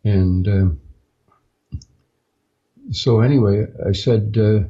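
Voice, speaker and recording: A man, a podcast guest, recounting a personal experience in a halting, unhurried way with frequent pauses, on a dull lo-fi recording. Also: fairly low pitch, fairly even intonation, mellow. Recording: dull lo-fi sound.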